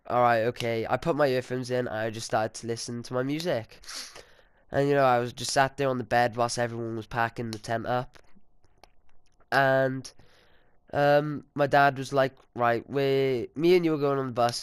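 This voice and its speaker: A man's voice: mid-range voice, steady tone, normal speed, smooth, dry recording. A sixteen-year-old boy telling a rambling, indignant, sweary story to his viewers. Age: teens. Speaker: vlogger. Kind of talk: casual storytime.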